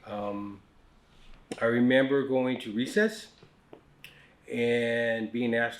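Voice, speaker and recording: A man's voice: medium pitch, slow pace, pauses often. A middle-aged man from the United States tells personal stories in a loose, conversational way. He restarts sentences often and drops his voice for asides, sounding candid and unrehearsed. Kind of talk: casual storytelling conversation.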